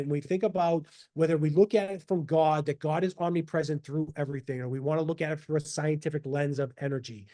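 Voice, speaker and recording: A man speaking as a podcast guest in casual interview talk, animated and motivational, over a video call. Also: a little high. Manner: animated, motivational, quotes himself in asides.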